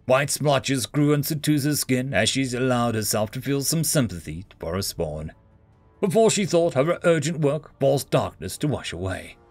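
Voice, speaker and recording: Expressive male story narrator. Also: mid-range voice, moderate pace, no echo, faint music behind.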